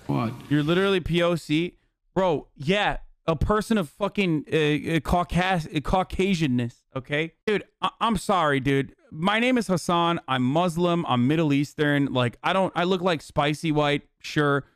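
A man's voice: fairly high pitch, a little slow, hardly any pauses, a bit bright, clean tone, no room sound. A young man streaming a reaction to clips, talking casually in a profane, exasperated, rambling way.

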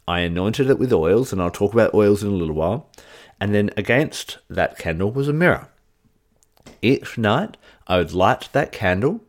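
A middle-aged man teaching in a casual, chatty way, with light joking asides. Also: fairly low pitch. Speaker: crystal teacher. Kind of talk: casual teaching chat to camera.

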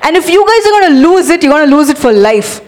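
A woman preaching a sermon to a congregation, energetic and urging, acting out animated demonstrations. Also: sits high, fast talker.

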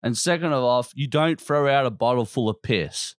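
A man's voice: medium pitch, moderate pace, no echo, clean studio sound. A man hosting a podcast, ranting in a casual, blunt and constantly profane way. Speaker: podcast host.

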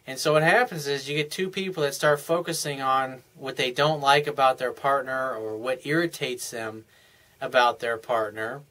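A man's voice: medium pitch, fairly even intonation, normal speed, a bit bright. A man giving relationship advice in an unscripted monologue, earnest and frank, explaining things step by step in casual, plain language.

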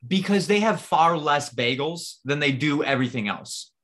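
A man's voice: a little high, normal speed. A man co-hosting a podcast in casual chat, arguing his point with plenty of swearing. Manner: animated, profane, argumentative. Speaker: podcast co-host.

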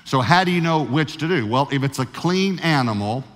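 Pastor preaching in a reverberant church. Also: male voice, a little high, animated. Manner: slows down to stress key words, with false starts. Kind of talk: sermon. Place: large church.

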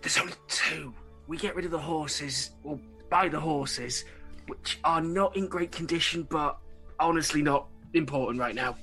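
Bright-voiced, stammering male player. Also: a little high, normal speed, faint music behind. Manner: stammering, casual. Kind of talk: tabletop play.

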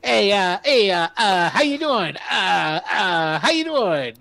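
A man's voice: high-pitched, big pitch swings, slow, creaky, bright, forceful tone, dry recording, full character voice. A man doing a stammering, jittery little immortal. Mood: nervous.

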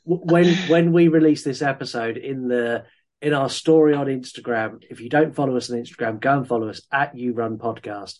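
A man's voice: medium pitch, brisk, darkish tone. A man co-hosting a podcast in casual chat, teasing his partner and plugging the show. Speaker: podcast co-host.

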